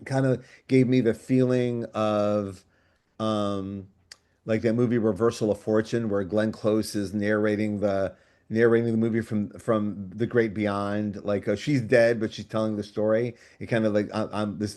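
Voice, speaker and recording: A man with a voice on the low side talks at normal speed and in a level tone as a writer guesting on a book club show. Over the video call he's enthusiastic, thinking out loud and wandering off on long tangents.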